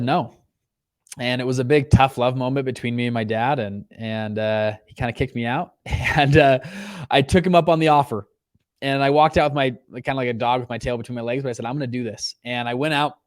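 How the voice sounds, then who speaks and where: A young adult man, a podcast guest, telling stories in a casual chat and acting out quoted lines with big jumps in pitch. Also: dry recording, clean studio sound. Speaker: podcast guest, fund founder.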